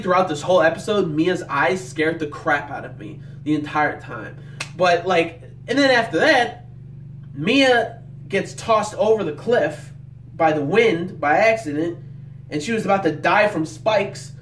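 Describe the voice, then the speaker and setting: A man's voice: high voice, echoey room, far from the mic, slight background noise. A man recapping anime episodes in casual chat. He says "like" constantly and acts out the characters' lines with feeling. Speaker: anime reviewer.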